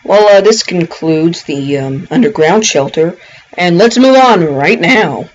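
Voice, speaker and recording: A man with a slightly higher voice narrates a casual gameplay tutorial, animated yet at a measured pace. He rambles and stops short, filling gaps with ums and restarting sentences, on a dull, lo-fi recording.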